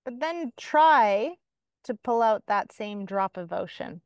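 A woman's voice: fairly high pitch, lively intonation, slow, clear, resonant tone, no room sound, highs cut off. A woman co-hosting a podcast, talking hesitantly and searching for her words. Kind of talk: reflective podcast conversation.

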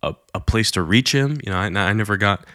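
Man, low voice, dry close sound, chatty faith storyteller who acts out quotes. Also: expressive, a little fast, pushed and bright, dry recording. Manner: conversational retelling with many fillers, acting out quoted lines. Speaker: Christian storyteller. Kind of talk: casual storytelling.

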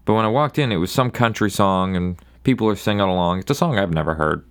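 Telling a meandering bar story on his own podcast, this young man keeps things wry and relaxed, slipping into quick impressions of the characters. He has a low, smooth, expressive voice.

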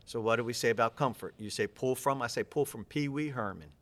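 A man guesting on a podcast, talking about public speaking in an energetic, emphatic, coaching manner. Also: mid-range voice, fast talker. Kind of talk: casual interview chat.

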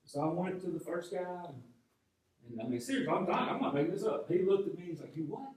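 A man's voice: high voice, expressive, quick pace, darkish tone. A male pastor telling a personal story in a conversational sermon, often restarting his phrases, from North Georgia. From North Georgia, USA. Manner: conversational storytelling with frequent repeated starts. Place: large church sanctuary. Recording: very echoey hall, voice from a distance.

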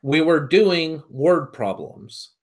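A man chatting casually, telling animated anecdotes and mimicking the people in them. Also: on the high side, slow pace. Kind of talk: casual chat.

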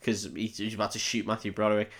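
A man's voice: fairly low pitch, completely flat delivery, fast talker, fairly bright tone. A man co-hosting a film podcast, recapping a movie in a loose, rambling way, swearing freely and laughing as he acts out the characters' lines. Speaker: podcast co-host. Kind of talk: casual film recap chat.

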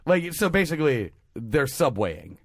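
A man's voice: a little high, big pitch swings, unhurried, no room sound, studio quality. A man co-hosting a casual comedy podcast, jokey and riffing, sometimes jumping into silly voices. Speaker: podcast co-host.

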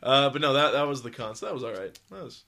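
A man's voice: medium pitch, fast talker, bright, forceful tone. A man co-hosting a casual podcast, rambling and crude, laughing often. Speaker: podcast co-host.

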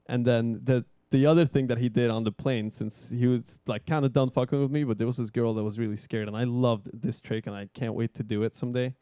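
A man's voice: medium pitch, fairly even intonation, a little fast, few pauses, mellow, clear, resonant tone, no echo, studio quality. A young man telling stories in casual podcast chat, laid-back, swearing often, with many fillers. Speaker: guest skydiver.

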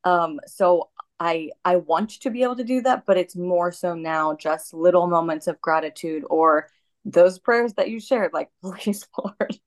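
A woman speaking as a guest over her phone in a casual talk, honest and quick to laugh lightly. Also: lowish voice. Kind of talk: casual conversation.

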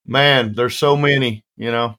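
A man's voice: medium pitch, a little slow. A man, a guest songwriter, telling stories in a casual podcast chat and laughing often. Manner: laughs often, lively storytelling.

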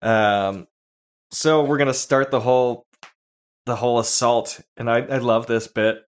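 A man's voice: medium pitch, unhurried, clean tone. A man hosting a podcast, casually talking through a movie and laughing often as he tells it. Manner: laughs often, animated storytelling. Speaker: podcast host.

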